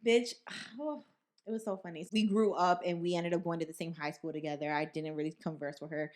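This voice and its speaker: A woman's voice: lowish voice, fairly even intonation, brisk, a little mellow. Brief: young woman podcast host, casual profane storyteller, acts out quotes.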